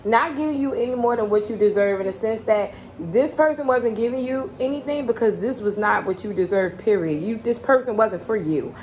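A woman's voice: a little high, a little fast, hardly any pauses, a little mellow, slight background noise. A woman giving a casual tarot reading, talking bluntly and chattily with plenty of swearing. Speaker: tarot reader.

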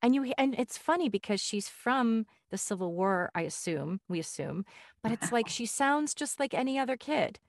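A woman's voice: a little high, normal speed, gravelly, dry recording. Enthusiastic woman host, dry sound. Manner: enthusiastic, animated storytelling. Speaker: podcast host. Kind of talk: casual interview chat.

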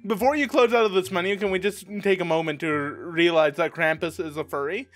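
A man chatting while gaming with friends, animated and quick to burst out laughing. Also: high-pitched. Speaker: guest player. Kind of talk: casual group gaming chat.

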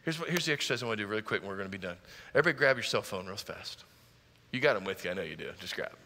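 A man's voice: on the low side, lively intonation, racing, pushed and bright, long reverb tail. A middle-aged man preaching a sermon as pastor, driving points home with rising emphasis and joking asides. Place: church sanctuary.

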